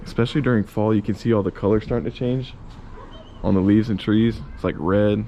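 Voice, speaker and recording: A lower-voiced man talks straight to his viewers in a loose, joking travel-vlog way, recorded outdoors on a trail with a handheld camera. Clear background noise runs under his voice. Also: fairly even intonation, a little fast, dark tone. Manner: chatty, joking, addresses viewers as guys. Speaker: vlogger.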